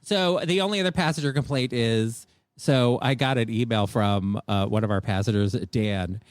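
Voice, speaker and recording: A man's voice: medium pitch, normal speed, clear, resonant tone, dry recording. A man co-hosting a live comedic podcast, ranting and acting out people in exaggerated voices. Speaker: podcast co-host.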